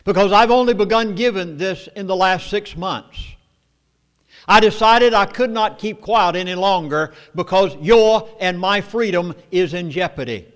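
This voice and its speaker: A man with a Southern US accent lecturing an audience, emphatic and storytelling, with dramatic pauses. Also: high-pitched. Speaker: speaker at a meeting. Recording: long hall reverb.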